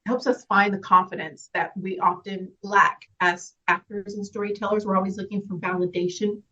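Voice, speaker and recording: A woman's voice: mid-range voice, little pitch movement, normal speed, sharp tone, highs cut off. A woman actress talking earnestly and emotionally about her work, laughing through tears at times. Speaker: actress guest. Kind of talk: emotional interview talk.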